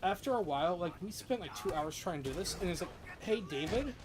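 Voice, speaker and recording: Excitable young man telling gaming stories. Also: high voice, fast, noisy background. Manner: rambling, excitable storytelling with profanity. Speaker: streamer. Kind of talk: casual gaming chat.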